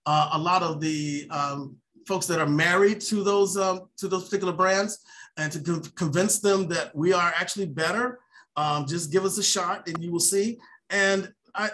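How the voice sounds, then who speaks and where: A middle-aged man tells a story in an interview with a bright, forward voice. He is lively and laughs often, and he acts out the voices of the people he quotes. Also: sits high. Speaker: piano maker and inventor.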